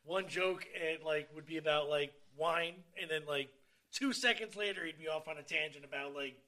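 A man hosts a casual podcast chat in a bright, fairly high voice. He talks loosely, swears often and laughs easily. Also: moderate pace. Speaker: podcast host.

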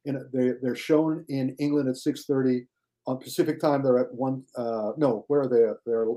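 An older man talking casually as a podcast guest, lively, often mimicking others in high mocking voices. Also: moderate pace. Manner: animated, mocks critics in high shouted voices. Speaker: guest film critic.

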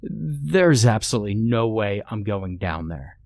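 A man's voice: on the low side, big pitch swings, unhurried, no room sound, studio quality. A man voicing a frightened, irritable burly young man who keeps pleading and complaining as they explore.

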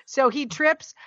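A woman's voice: sits high, a bit bright, no echo. A woman recaps a TV episode with a co-host in a loose, wry way, full of fillers and asides. Her voice sounds close and dry, with a slightly dull, lo-fi quality. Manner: chatty, wry, frequent fillers. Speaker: podcast co-host. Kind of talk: casual chat recapping a TV episode.

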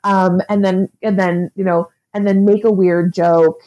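A woman's voice: mid-range voice, level tone, measured pace, warm tone. A woman author answering interview questions in a chatty, reflective way, with frequent likes and ums and easy laughs. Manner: laughs often. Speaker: author and guest.

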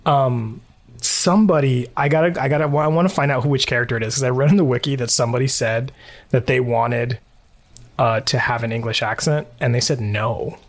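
A man hosting a casual watch-along, chatty and gossipy, quick to laugh. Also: mid-range voice. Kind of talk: casual reaction chat.

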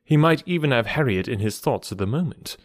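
A man narrating a classic novel as an audiobook in an expressive storytelling manner. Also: medium pitch, fairly quick, dry recording, clean studio sound.

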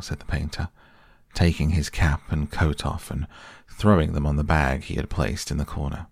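Bedtime audiobook narrator, male, very deep and gravelly, soft and unhurried. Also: little pitch movement, dry recording, clean studio sound. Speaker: podcast narrator.

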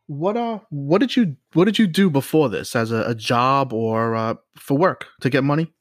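A man as interviewer in an improvised mock interview, asking halting, teasing questions with many fillers. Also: medium pitch, lively intonation, dry recording, studio quality.

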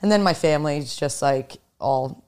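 A young woman guest in a casual chat, chatty and quick with wry jokes. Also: low voice, a little mellow, clear, resonant tone. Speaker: guest, improv comedian.

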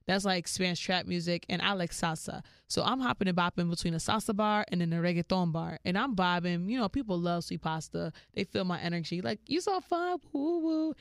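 A woman hosting a podcast, telling a story in a slangy, animated way and jumping into high voices for the people she quotes. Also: a little fast, hardly any pauses, no room sound, clean studio sound. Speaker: podcast host. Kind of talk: casual storytelling monologue.

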